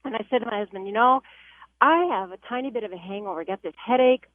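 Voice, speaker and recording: A woman's voice: mid-range voice, fast, no room sound. A woman in her sixties calling in to tell a funny family story, chatty and building toward the punchline. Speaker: caller. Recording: tinny phone line.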